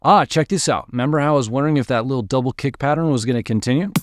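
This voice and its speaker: A man teaching music production in a relaxed, upbeat way, walking through a dance track and sometimes mimicking its sounds with his voice. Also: medium pitch, racing. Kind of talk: screen-recorded music production tutorial. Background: dance track playing faintly.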